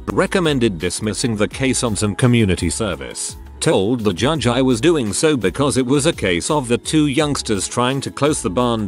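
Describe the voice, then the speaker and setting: A man reading reddit stories aloud in an even storytelling manner. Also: lowish voice. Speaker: narrator. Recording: faint background music.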